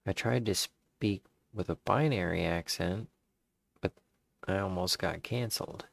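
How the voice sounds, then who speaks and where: A man casually working out jokes in a deadpan way, stopping to rework punchlines. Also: sits low, a little slow. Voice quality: gravelly, husky. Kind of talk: casual joke drafting.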